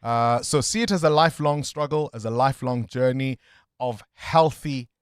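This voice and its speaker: A man's voice: mid-range voice, normal speed, clear, resonant tone, no echo, clean studio sound. A man hosting a breakfast talk radio phone-in, chatting upbeat with callers. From South Africa. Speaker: radio talk show host.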